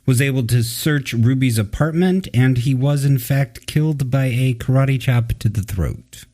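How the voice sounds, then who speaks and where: A man's voice: medium pitch, unhurried, mellow. Matter-of-fact man sharing a fact.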